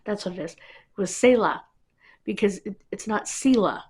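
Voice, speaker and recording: A woman's voice: medium pitch, moderate pace, a little mellow, slightly rough. A woman vlogger talking to camera in a casual, rambling monologue that wanders between tangents.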